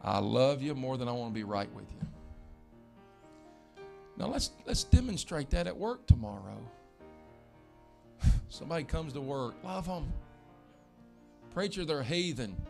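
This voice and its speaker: A man's voice: mid-range voice, gravelly, darkish tone. A male pastor, preaching a sermon in a church with folksy storytelling. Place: church sanctuary.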